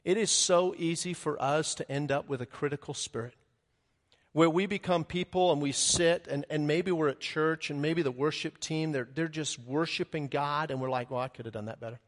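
A man preaching a sermon as pastor, animated, with sudden loud high bursts and quick acted asides. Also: long reverb tail.

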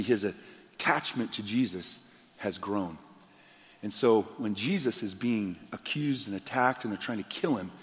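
A man preaching a sermon as pastor, telling the story with animated, acted-out quotes. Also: on the high side. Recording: long hall reverb.

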